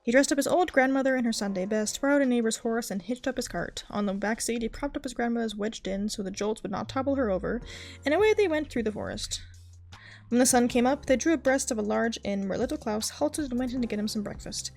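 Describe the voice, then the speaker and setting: A woman's voice: a little high, quick pace, gravelly, darkish tone, faint music behind. A woman streamer narrating a fairy tale as a bedtime story reading.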